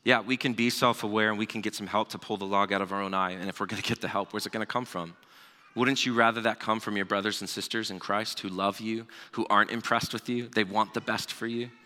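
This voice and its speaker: A man in his thirties preaching a sermon, telling a personal story in a relaxed conversational way with asides. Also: on the low side, brisk. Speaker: pastor. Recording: long hall reverb.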